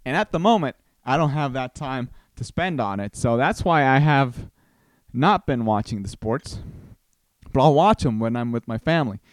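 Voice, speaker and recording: A man's voice: mid-range voice, animated, moderate pace, dry recording, clean studio sound. A man from Costa Rica hosting a casual solo podcast, telling rambling stories with many restarts. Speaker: podcast host.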